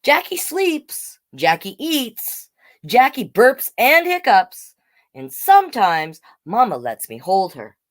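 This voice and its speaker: A woman reading picture books aloud to children, with chatty, animated asides to the viewers. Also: fairly high pitch, takes it slowly. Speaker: storytime reader.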